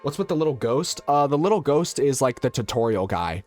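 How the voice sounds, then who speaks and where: Male game streamer, congested and nasal, mid-pitched, casual and jokey, muttering asides to chat. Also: sing-song, fairly quick, a little mellow, soft background music. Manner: chatty, loose and joking, muttering asides. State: stuffy and nasal from allergies. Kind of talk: casual live-stream chat, answering viewers.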